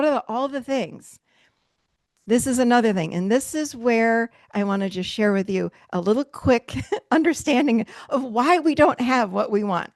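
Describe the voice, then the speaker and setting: A woman in her fifties coaching a workshop audience in a lively, emphatic way, keeping it conversational with small laughs. Her voice sits a little high. The sound is close and dry. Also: no echo. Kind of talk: motivational workshop talk.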